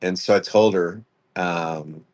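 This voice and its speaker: A man's voice: low voice, takes it slowly, darkish tone. A young adult man hosting a live-stream sale, talking bluntly and casually and laughing often. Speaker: live-stream jewelry seller.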